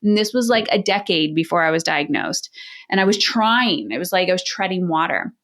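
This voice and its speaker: A woman's voice: on the low side, lively intonation, fairly quick, fairly bright tone. Direct, emphatic woman parenting coach. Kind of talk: podcast interview conversation.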